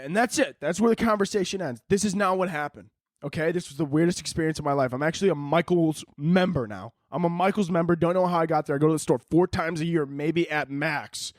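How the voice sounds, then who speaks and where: A man's voice: on the high side, expressive, a little fast, no echo, studio quality. Profane, rambling man. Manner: profane, rambling, jokey rant. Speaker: podcast host. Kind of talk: casual comedic podcast monologue.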